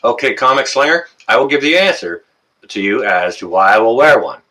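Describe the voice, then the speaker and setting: Streaming live and reading viewer comments, this middle-aged man with a Canadian accent is chatty and rambling, dropping plenty of "uh"s. His mid-range voice is expressive, pushed and bright, moving at a fairly quick pace, though the audio is poor.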